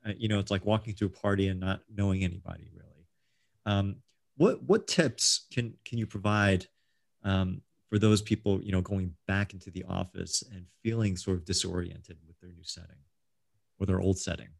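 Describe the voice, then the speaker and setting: A man's voice: low voice, steady tone, normal speed, vocal fry, dry recording, clean studio sound. A middle-aged man hosting a casual interview, rambling with many ums and restarts. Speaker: host.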